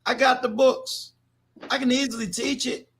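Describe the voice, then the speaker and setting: A man's voice: very high voice, steady tone, normal speed, fairly bright tone, slightly rough. An older man from New York hosting a livestream, talking to his viewers in an emphatic, preachy way and often repeating words. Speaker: livestream host. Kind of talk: casual livestream talk.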